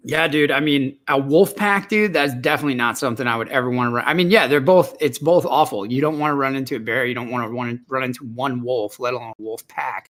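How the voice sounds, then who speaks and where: A man's voice: medium pitch, fast talker, hardly any pauses, fairly bright tone. A man co-hosting a casual podcast, laid-back and swearing casually.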